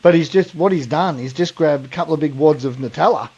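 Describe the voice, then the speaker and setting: A man's voice: a little high, fast, darkish tone, slightly rough, muffled recording. An Australian man co-hosting a podcast, telling a rambling funny story in casual mate slang and laughing along. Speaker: podcast co-host.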